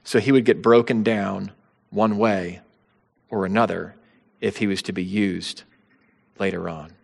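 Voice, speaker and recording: A man preaching a sermon in an earnest, emphatic way, pressing his stresses higher as he drives points home. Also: steady tone, a little slow, gravelly. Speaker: pastor. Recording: long hall reverb.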